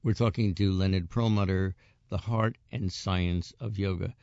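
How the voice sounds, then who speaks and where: A man's voice: sits low, fairly even intonation, normal speed, creaky, darkish tone, no echo, dull audio. A man hosting a radio interview, asking probing and challenging questions.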